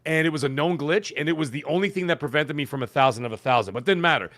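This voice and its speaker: A middle-aged man co-hosting a podcast, chatting casually and rambling excitedly with lots of fillers. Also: a little high, racing, dry recording. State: hiccups. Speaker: podcast co-host. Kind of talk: casual chat.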